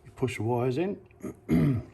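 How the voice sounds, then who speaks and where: Easygoing Australian man, slow how-to talker, mid pitch, corrects himself as he goes. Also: vocal fry, slightly rough. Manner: relaxed, unhurried, self-correcting with "uh" and "sorry, correction". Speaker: amateur radio hobbyist. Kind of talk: casual how-to demonstration.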